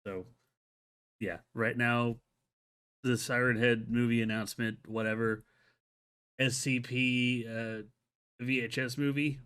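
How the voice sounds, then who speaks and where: A man's voice: medium pitch, steady tone, slow, long pauses, a bit bright, smooth. A man hosting a solo live-stream show, chatting casually and enthusiastically, rambling with many restarts and filler words.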